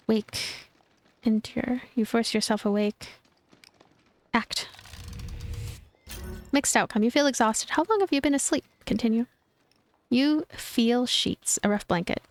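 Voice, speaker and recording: A woman's voice: fairly high pitch, slow pace, pauses often, no room sound. A woman streaming a story game, reading its text aloud with casual asides. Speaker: gaming streamer. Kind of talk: game playthrough with read-aloud narration.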